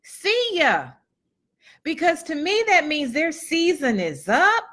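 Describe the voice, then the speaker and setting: A middle-aged woman, a motivational speaker and event host, gives a chatty, earnest talk to a live audience, repeating phrases for emphasis and reading viewer comments aloud. Her high, fairly bright voice swings hugely in pitch, and she takes her time.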